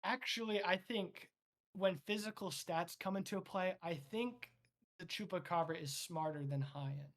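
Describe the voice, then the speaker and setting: Game master, rambling casual narrator, mid pitch. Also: unhurried. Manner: loose, rambling narration with many fillers.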